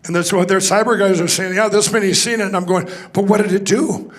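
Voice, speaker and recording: A man's voice: high-pitched, steady tone, fairly quick. A man speaking to a conference audience, telling a rambling story with restarts and acting out the dialogue. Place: conference hall stage.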